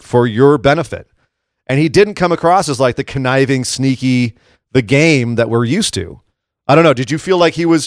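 A man's voice: medium pitch, no room sound, studio quality. A man co-hosting a podcast, chatting casually and animatedly about wrestling and acting out lines in voices. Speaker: podcast co-host.

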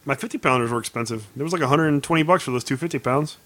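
A man's voice: mid-range voice, very fast, a bit bright. A man hosting a podcast, chatting casually and making dry, teasing jokes at his co-host. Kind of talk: casual chat.

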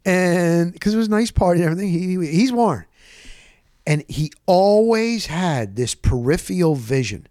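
A middle-aged man hosting a sports podcast, telling stories in an animated way and acting out what others said. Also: dry recording, studio quality. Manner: animated storyteller, acts out quotes with big pitch jumps. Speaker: podcast host, sports reporter. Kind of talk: storytelling on a podcast.

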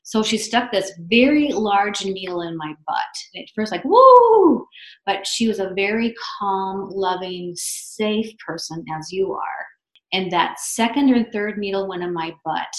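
A woman's voice: mid-range voice, unhurried. Guest, woman, 50s, chatty storyteller, echoey room. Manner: chatty, animated, acts out quotes. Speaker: podcast guest. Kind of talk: casual storytelling.

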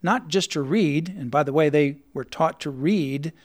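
A man hosts a talk program in an earnest, explanatory manner. His voice sits a little high for a man. He often reads passages aloud to make his point. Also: unhurried. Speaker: host. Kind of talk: studio talk show discussion.

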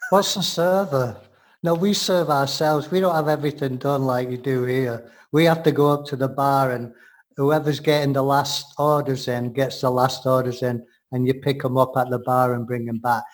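A man's voice: medium pitch, fairly even intonation, normal speed. An Englishman co-hosting a show, explaining things in casual chat, often laughing. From England.

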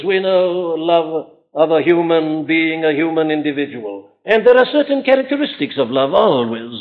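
A man delivers a sermon from the pulpit with earnest emphasis and searching rhetorical questions. His voice sits fairly high for a man. The audio comes from a thin, tinny archive recording. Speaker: preacher.

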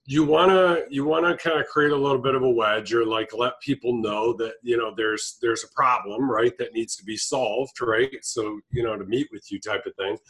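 A man's voice: medium pitch, moderate pace, hardly any pauses, fairly bright tone, rough recording. A man hosting an interview, asking questions in a loose, hesitant way with plenty of fillers. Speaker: interview host. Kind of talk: casual interview chat.

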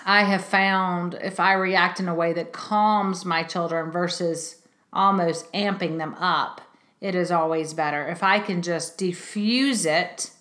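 A middle-aged woman hosting a podcast, telling candid stories in a casual, animated way. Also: on the low side, measured pace. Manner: candid, animated storytelling with laughs. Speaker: podcast host. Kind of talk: confessional casual talk.

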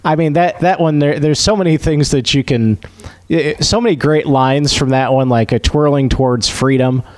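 A man's voice: on the high side, moderate pace, a little mellow, no echo. A man chatting casually about TV, hesitant, with many fillers and restarts.

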